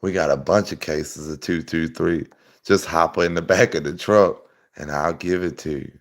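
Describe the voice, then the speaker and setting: A man voicing a leering backwoods grown man who talks in a slow, wheedling, suggestive drawl. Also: low-pitched, pitched below the performer's own voice. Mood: coaxing.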